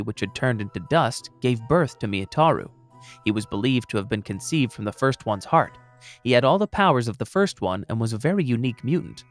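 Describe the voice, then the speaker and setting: Lively, wry male recap narrator. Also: mid-range voice. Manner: wry, joking asides.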